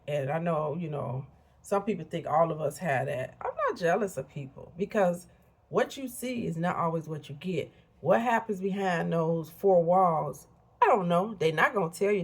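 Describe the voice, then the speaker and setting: A woman's voice: fairly low pitch, breathy edge. A woman in her fifties from Illinois giving a candid, blunt motivational vlog talk with chatty asides to her viewers. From Illinois, USA. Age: 50s. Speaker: vlogger. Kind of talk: casual motivational monologue.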